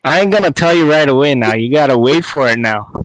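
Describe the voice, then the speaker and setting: A man's voice: medium pitch, lively intonation, no room sound, low-quality recording. A Canadian man with a slightly nasal Canadian accent, calling in for a casual, playful chat. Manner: playful, teasing, drawn-out guessing game. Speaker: caller.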